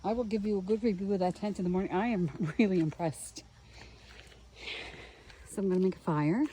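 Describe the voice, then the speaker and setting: A woman's voice: medium pitch, a little fast, mellow. A woman talking casually to the camera as she sets up a solo campsite, rambling and chatty. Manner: chatty, rambling, talks to the viewer while working. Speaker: solo camping vlogger. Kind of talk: casual camping vlog. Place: outdoor campground. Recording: outdoor campsite noise. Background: outdoor ambience, passing trains and planes.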